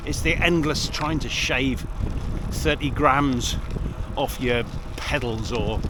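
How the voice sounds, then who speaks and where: A man's voice: mid-range voice, takes it slowly. A man vlogging about cycling while he rides outdoors, talking in a grumpy, wry and self-mocking way. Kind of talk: casual vlog talk while riding. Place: outdoors on a bike on the road. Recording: loud road and wind noise.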